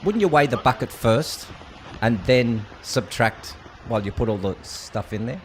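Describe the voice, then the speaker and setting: A man's voice: mid-range voice, expressive, moderate pace, slight background noise. A man with an Australian accent hosting a show, ranting and commenting sarcastically on news stories he reads aloud. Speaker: host.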